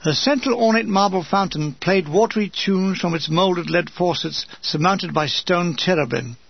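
A man's voice: high voice, normal speed, creaky, breathy edge, no echo, muffled recording. A man narrating his own war memoir, a scripted reading full of dry, comic asides.

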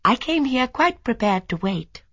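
A woman reading an audiobook and voicing an elderly woman sleuth who is gentle, prim and quietly stubborn. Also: a little high, very animated, unhurried, slightly rough, no room sound, dull audio, voice pushed up, full character voice. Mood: polite, firm. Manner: soft, polite and quietly insistent.

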